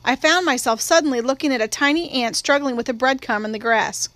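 A woman reading a novel aloud in first person, with a measured, wry storytelling manner. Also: sits high, fairly bright tone, no echo. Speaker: audiobook reader. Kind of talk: first-person literary narration. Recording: dry, close studio read.

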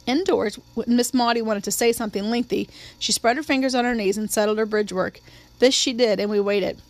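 A woman giving a steady, measured audiobook narration of a novel. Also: a little high, no room sound. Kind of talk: scripted narration.

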